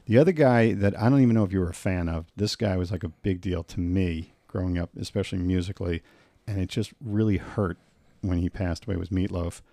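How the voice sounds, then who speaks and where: A man's voice: sits low, a little fast, creaky, warm tone, no echo. A man co-hosting a casual chat, earnest and agreeable, often backing up his partner with yeahs.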